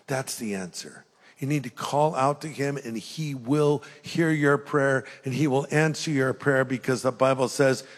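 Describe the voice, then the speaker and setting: Older man, preacher, sermon and altar call, fervent then hushed, long hall reverb. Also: a little high. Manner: swings from loud fervent rises to hushed intimate prayer. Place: large auditorium with a live audience.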